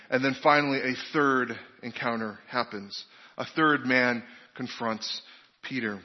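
Speaking at a measured pace in a medium register, this male pastor delivers a conversational sermon full of questions for his listeners and stories from his own life. The audio is muffled and echoes with a long hall reverb.

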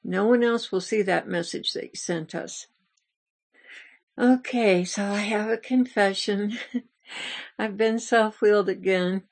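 Gravelly-voiced woman giving a devotional message. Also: medium pitch, fairly even intonation, slow pace, pauses often. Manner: earnest, confessional storytelling. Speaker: ministry host.

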